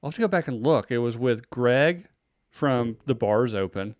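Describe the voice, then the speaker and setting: A man's voice: medium pitch, expressive, normal speed, no echo, muffled recording. A man in his thirties hosting a podcast from home, talking in a loose, rambling way, restarting his sentences and swearing casually. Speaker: podcast host. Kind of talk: casual chat. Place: home room.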